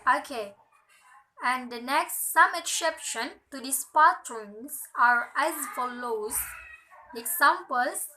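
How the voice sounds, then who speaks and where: A young woman, a student with Indonesian as her first language, slowly reading out a lesson on word stress, dotted with "okay" and "uh". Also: high-pitched, bright, forceful tone, a little hiss or hum, low-quality recording. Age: young adult. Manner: slow, careful, filler "okay" and "uh". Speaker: student presenter.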